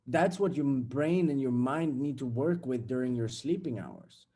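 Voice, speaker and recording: A man's voice: medium pitch, expressive, unhurried, dark tone, breathy edge. A young man giving a casual, blunt motivational talk, swearing freely and acting out everyday scenes. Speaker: self-development vlogger.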